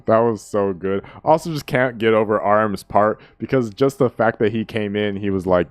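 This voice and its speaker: A man hosting a music reaction and chatting casually. He is excitable, laughs often, and acts out quotes in slangy speech. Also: lowish voice, moderate pace, no room sound, studio quality.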